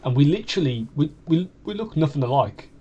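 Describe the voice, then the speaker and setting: A man's voice: fairly high pitch, expressive, fairly quick, warm tone, lo-fi sound, slight background noise. A young man with a West Midlands accent talking in a casual, confessional monologue, rambling and hesitant, often restarting his sentences. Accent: West Midlands English. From Wolverhampton, England. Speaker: YouTuber.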